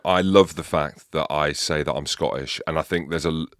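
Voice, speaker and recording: A man's voice: rumbling low, steady tone, fairly quick, a bit bright, no echo, studio quality. A middle-aged man hosting a podcast, telling rambling, anecdotal stories in casual chat and swearing now and then. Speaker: podcast host.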